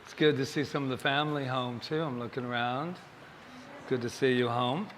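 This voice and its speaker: A man's voice: mid-range voice, steady tone, normal speed, fairly bright tone, big-room sound, slight background noise. A male minister giving a Sunday sermon in a chatty way, joking with the congregation and asking them questions.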